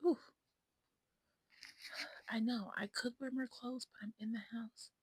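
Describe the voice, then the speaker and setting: A woman in her twenties rambles to her phone camera at home in a casual, frank, self-absorbed vlog, often dropping to a whisper. She speaks a little slowly with fairly even intonation, her fairly high voice darkish with a breathy edge. The recording is rough but echo-free.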